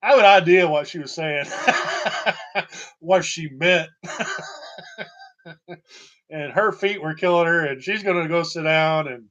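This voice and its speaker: A man's voice: a little high, takes it slowly, pauses often, a bit bright, muffled recording. A middle-aged man from Tennessee, hosting a podcast and telling stories in a folksy, chuckling way. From Tennessee, USA. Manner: chuckling, folksy, laughs between lines. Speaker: podcast host. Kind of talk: casual storytelling.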